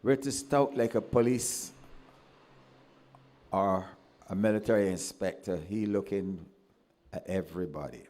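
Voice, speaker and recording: A man with a Barbadian accent, a former pupil giving a speech at a ceremony, telling animated anecdotes and acting out the voices he quotes. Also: deep voice, unhurried, long pauses. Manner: animated storyteller who acts out quoted voices.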